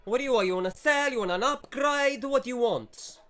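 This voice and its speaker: A man voicing a burly, hairy shopkeeper who haggles loudly in a put-on Italian accent. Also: extremely high pitch, fairly even intonation, rapid-fire, pitched above the performer's own voice. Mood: pushy. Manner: loud, blustering mock-Italian haggling.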